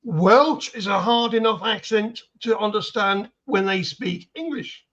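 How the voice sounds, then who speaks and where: A man's voice: sits high, unhurried, fairly bright tone. A man co-hosting a casual live-stream chat over a video call, tossing in wry, joking asides. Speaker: co-host on a panel. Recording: dull lo-fi remote audio.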